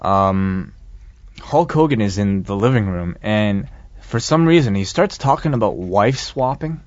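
A fairly low-voiced man talks in a rambling, exasperated way as he recaps a film scene for his co-host. The recording is dull and lo-fi, with a dry, close sound. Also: expressive, measured pace, no echo. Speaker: podcast co-host reviewing a film. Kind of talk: casual chat.

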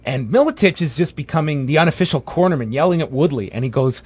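A man co-hosts a podcast in loose, rambling chat and slips into animated stories. His voice sits fairly high. The audio is muffled and lo-fi. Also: quick pace, few pauses, slightly rough, dry recording. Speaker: podcast co-host. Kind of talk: casual chat.

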